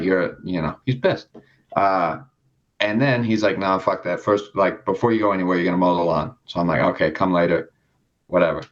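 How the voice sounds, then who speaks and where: A young man on a podcast telling a rambling story in casual chat, swearing often and acting out the people in it. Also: sits low. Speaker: podcast co-host. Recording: dull lo-fi sound.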